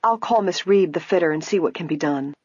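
A woman's voice: on the low side, a little fast, darkish tone, husky, no echo. A woman voicing a worried, eager-to-please young saleswoman, in a slightly muffled recording. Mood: polite. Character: anxious young department store saleswoman.

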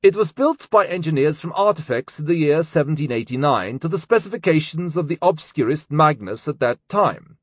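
A man's voice: on the high side, expressive, normal speed, breathy edge, no echo, clean studio sound, voice pushed up. A man voicing an eager, bookish young male student in an audiobook, earnest in manner. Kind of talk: audiobook character voice.

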